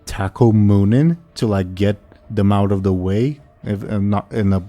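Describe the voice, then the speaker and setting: A young man narrating a tabletop game as game master, casual and halting with many fillers. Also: fairly low pitch, warm tone, faint music behind.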